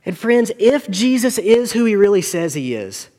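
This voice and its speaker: A man's voice: high-pitched, big pitch swings, normal speed, warm tone, in a large hall. A man, preaching a sermon to his congregation with earnest, rising and falling intensity. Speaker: pastor.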